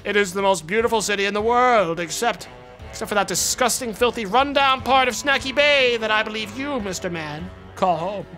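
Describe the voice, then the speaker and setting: A man's voice: high-pitched, normal speed, sharp tone, faint music behind. A man voicing a pompous, scheming male mayor who is a game villain and talks in grandiose speeches. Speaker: streamer voicing a game's dialogue.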